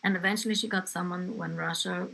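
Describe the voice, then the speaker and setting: Older woman from england telling family stories, low-ish gravelly voice, lots of ums. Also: steady tone, fast talker, bright, forceful tone, low-quality recording. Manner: conversational, with fillers and asides. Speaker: interviewee, grandmother. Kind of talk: family history storytelling.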